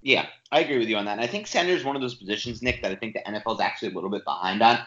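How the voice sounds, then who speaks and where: A man's voice: lowish voice, racing. A man co-hosting a casual sports podcast, talking emphatically and restarting his sentences often. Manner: animated, emphatic, with frequent restarts. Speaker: podcast co-host. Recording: roomy, slightly dull home podcast audio.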